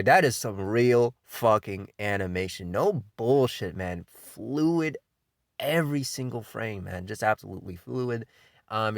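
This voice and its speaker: Laid-back low-voiced man ranking anime. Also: creaky, fairly bright tone, no echo, clean studio sound. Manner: laid-back and enthusiastic, with frequent swearing; loose delivery full of fillers like um and you know. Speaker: anime reviewer hosting a countdown list. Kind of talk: casual spoken countdown commentary.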